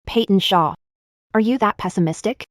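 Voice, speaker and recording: A woman's voice: mid-range voice, moderate pace, no echo, natural voice. A woman voicing a determined young wife in a dubbed drama, firm and cutting, in a dry booth.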